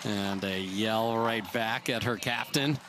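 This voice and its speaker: A man's voice: lowish voice, slow, heavy background noise. Male pickleball play-by-play commentator. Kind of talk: sports commentary.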